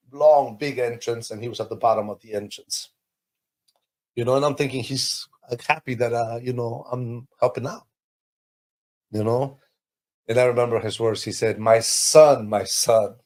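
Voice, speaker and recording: A man from Peru shares his life story as a podcast guest. He talks in a medium register and tells it with animated feeling, his pitch leaping up when he gets excited. He sounds like he is reliving each moment as he speaks. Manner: animated, emotional storytelling with sudden high pitch lifts. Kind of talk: personal testimony in conversation.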